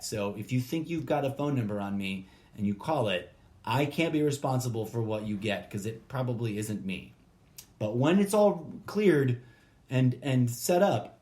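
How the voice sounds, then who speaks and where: A man talks alone on his own podcast, at a middle pitch. He reads stiff terms and conditions aloud, then wanders off into jokey, rambling asides. Every so often he punches a word with sudden emphasis. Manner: jokey, animated bursts of emphasis. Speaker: podcast host. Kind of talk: rambling solo podcast monologue.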